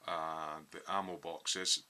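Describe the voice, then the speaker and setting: A hobbyist model builder explains his project step by step in his home workshop, frequently stopping to say um. He speaks flatly in a very low voice that still has a sharp, bright edge to it.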